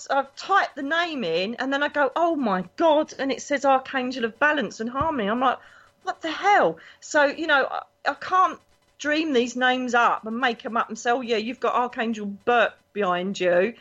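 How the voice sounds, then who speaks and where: A woman, a psychic guest telling stories in a chatty, animated way. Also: high voice, normal speed. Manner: animated, chatty, acts out voices in her anecdotes. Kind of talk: casual storytelling interview. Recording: dull lo-fi recording.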